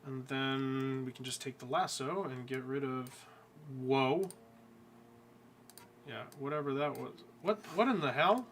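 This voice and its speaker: Bright-voiced man mumbling while he draws. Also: medium pitch, a little slow, a little hiss or hum. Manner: mumbles quietly to himself while working, jokey asides. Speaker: streamer drawing a coloring page. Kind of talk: casual live-stream chat while drawing.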